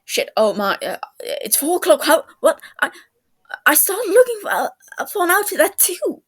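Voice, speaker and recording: A woman voicing a flustered young man who stammers in a panic while rushing to get ready. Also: a little high. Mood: panicked.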